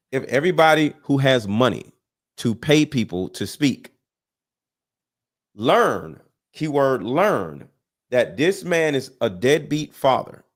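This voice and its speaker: A man arguing heatedly in a debate, emphatic and profane, cutting in with "listen" and "hold on". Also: mid-range voice. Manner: emphatic, repeats himself, profane; interrupts with 'listen' and 'hold on'. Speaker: guest debater.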